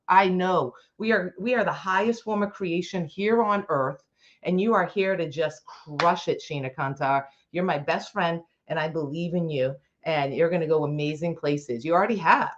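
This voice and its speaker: Woman co-host giving a lively motivational pep talk, lower voice, muffled lo-fi sound. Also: normal speed. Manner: exuberant, motivational, cheering on. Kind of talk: casual chat on a live stream.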